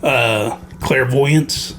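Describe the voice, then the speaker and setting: A man's voice: medium pitch, extremely slow, background noise. A man co-hosting a casual game review podcast, rambling with many fillers and frequent laughs. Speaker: podcast co-host.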